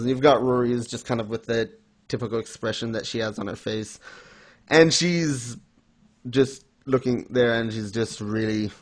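Rambling man recapping a story casually. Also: mid-range voice. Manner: rambling, filler-heavy storytelling with many restarts. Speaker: podcast host recapping an anime. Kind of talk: casual chat.

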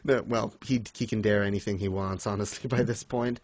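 A man casually chatting as co-host, animated and quick to laugh, acting out lines he retells. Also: lowish voice, no room sound. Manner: animated, laughs often, acts out quotes. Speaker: podcast co-host. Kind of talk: casual fan discussion.

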